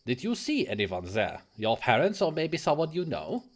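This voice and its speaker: A man's voice: on the high side, huge pitch swings, moderate pace, full character voice. A man voicing a polite doctor asking questions, while reading game dialogue aloud.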